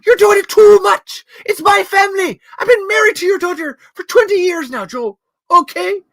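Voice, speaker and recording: A man putting on a loud Irish accent as an exasperated family man, ranting and shouting. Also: normal speed, creaky, no echo, full character voice. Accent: Irish put-on. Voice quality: loud, high-pitched and ranting.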